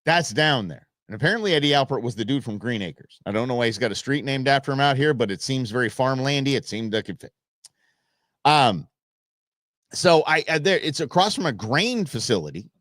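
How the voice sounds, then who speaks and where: A man hosting a live stream, telling a story in a chatty, expressive way. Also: medium pitch, a little fast, no echo, studio quality. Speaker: livestream show host. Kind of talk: casual livestream chat.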